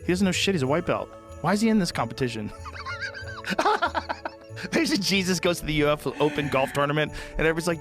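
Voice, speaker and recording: A man riffing crudely and loudly as a comedian on a podcast. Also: fairly high pitch, fast, music in the background. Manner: crude, animated riffing with laughs.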